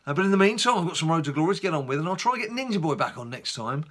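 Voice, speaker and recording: A middle-aged man from England, chatting casually in a rambling, animated way on his gaming vlog. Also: fairly high pitch, very fast. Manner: animated storyteller, rambling asides. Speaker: gaming YouTuber.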